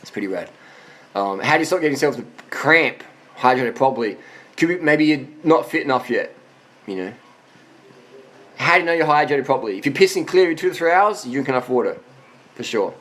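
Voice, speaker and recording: A man in his forties speaks in a casual question-and-answer monologue, blunt and full of swearing. He is tired after a long ride, and his pitch sits in an ordinary middle range. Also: lively intonation, a little fast, pauses often, fairly bright tone. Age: 40s. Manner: blunt, profane and emphatic. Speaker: vlogger answering viewer questions.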